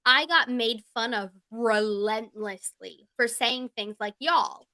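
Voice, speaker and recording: A woman's voice: on the high side, takes it slowly, sharp tone, no room sound. A woman from Georgia with a light Southern accent, chatting casually as a guest and telling stories. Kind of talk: casual chat.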